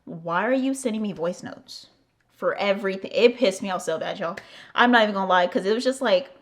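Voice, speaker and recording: A woman's voice: medium pitch, fairly quick. Candid young American woman vlogger. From United States. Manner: candid, profane, lots of "like" fillers. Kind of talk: casual storytime chat.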